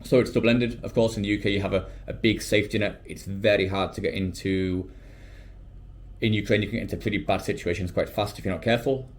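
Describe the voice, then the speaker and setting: A British man chats casually to camera in a lowish voice. He is animated and often slips into quoted voices as he compares everyday rules. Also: fast talker. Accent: British English. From United Kingdom. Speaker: English teacher and vlogger.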